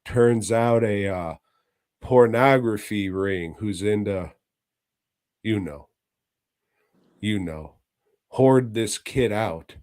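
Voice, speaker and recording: A man's voice: on the low side, takes it slowly, long pauses, a little mellow. A man co-hosting a podcast, recapping a movie in casual, profane chat, laughing often and breaking into mock voices. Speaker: podcast co-host.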